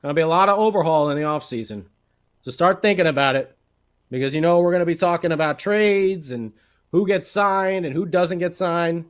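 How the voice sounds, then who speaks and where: A man co-hosting a casual sports podcast, talking in a chatty, animated way with plenty of filler words. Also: fairly high pitch, a little fast, smooth. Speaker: podcast co-host.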